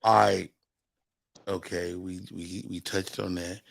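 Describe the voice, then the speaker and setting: Male podcast host, playful banter, tense bright tone, dry close mic. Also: low-pitched, level tone, takes it slowly, creaky, dry recording. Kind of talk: casual chat.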